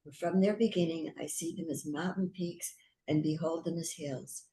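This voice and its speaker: A class participant reading scripture aloud softly and slowly. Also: medium pitch, fairly even intonation, low-quality recording.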